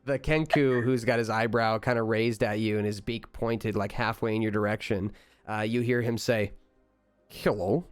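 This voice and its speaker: Brief: male game master, low voice, halting and relaxed narration, dry sound, faint music behind. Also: clean tone, no room sound. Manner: relaxed, halting, many fillers.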